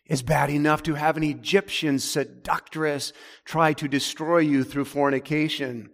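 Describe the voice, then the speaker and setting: A man preaching a sermon as pastor, emphatic, dropping low and slow on key words. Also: fairly even intonation, fairly bright tone. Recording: long hall reverb.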